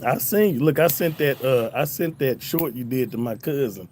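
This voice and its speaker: A man's voice: mid-range voice, normal speed, a little hiss or hum. Laid-back man chatting on a livestream. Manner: relaxed, profane, laughs often, reads chat aloud. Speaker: livestream host. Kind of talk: casual livestream chat.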